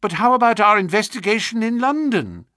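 An earnest young gentleman, recovering from illness, speaks eagerly with a lively, rising voice, voiced by a man reading the tale. It is recorded close and dry. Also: high-pitched, fairly quick, no room sound, voice pushed up.

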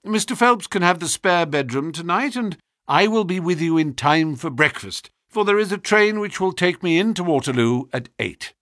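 Sherlock Holmes, crisp and commanding as a man reads him. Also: high-pitched, expressive, moderate pace, hardly any pauses, a bit bright, no echo, clean studio sound, pitched above the performer's own voice. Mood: intent.

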